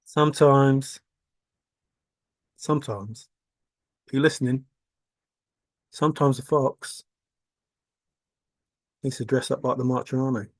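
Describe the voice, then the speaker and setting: A man's voice: mid-range voice, steady tone, takes it slowly, pauses often, no room sound. Man, intense rambling monologue, repetitive, swearing, dry close sound. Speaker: video blogger.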